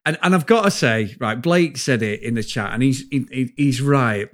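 A man co-hosting a podcast, chatting casually about a film in a rambling, sweary, animated way. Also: mid-range voice, normal speed. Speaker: podcast co-host. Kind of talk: casual film review chat.

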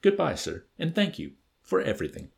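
Brief: eager orderly, acted by a male narrator, earnest and lively in pitch. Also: fairly quick, vocal fry, exaggerated voice. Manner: earnest, anxious questions. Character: eager, middle-aged male enlisted orderly.

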